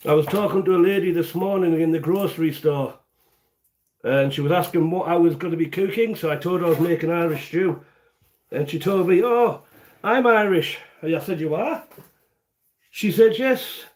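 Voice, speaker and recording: A British man runs a relaxed live cooking stream from his kitchen at home, joking, chatting and wandering off topic as he greets viewers by name. His voice is fairly high and mellow, and he talks briskly.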